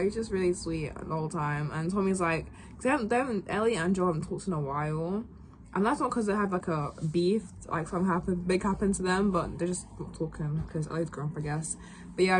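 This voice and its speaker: A young woman in casual chat, rambling through a game recap with lots of fillers and quick asides. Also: lowish voice, slight background noise. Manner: rambling, full of fillers and acted quotes. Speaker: gaming vlogger recapping a game.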